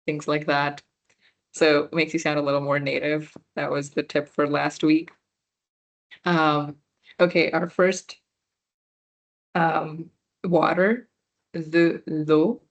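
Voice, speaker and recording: A young woman of Punjabi background runs a beginner French workshop, speaking low and level at a slow pace with long pauses on a muffled recording. She explains patiently and checks that her students understand.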